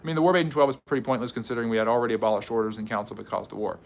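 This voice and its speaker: Fast-talking American man reading chat. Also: medium pitch, fairly even intonation, vocal fry. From United States. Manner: quick, chatty, teasing, with many fillers and restarts. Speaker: history channel livestream host. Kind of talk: live stream reading and answering chat comments.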